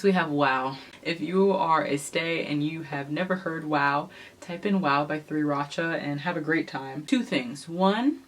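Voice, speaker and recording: A woman giving casual, opinionated music commentary to camera, chatty and often laughing between points. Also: deep voice. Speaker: K-pop commentary YouTuber.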